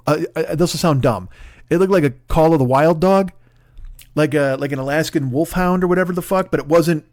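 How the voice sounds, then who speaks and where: A man's voice: a little high, no echo, studio quality. A man in his forties, a comedian and podcast host, telling stories in a profane, ranting casual monologue. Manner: profane, ranting, animated storytelling.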